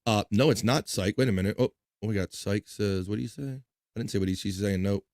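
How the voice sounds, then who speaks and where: A man's voice: lowish voice, a little fast, darkish tone, no echo, studio quality. Upbeat man hosting a livestream. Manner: upbeat, jokey, reads chat messages aloud. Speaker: livestream host. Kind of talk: casual livestream chat reading viewer comments.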